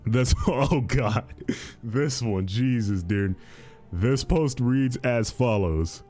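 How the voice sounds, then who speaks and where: A man's voice: medium pitch, slow, faint music behind. A young man hosting a casual podcast, commenting on advice posts, repeating himself a lot and often saying "dude". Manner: repetitive, animated, says "dude" and "fiendish".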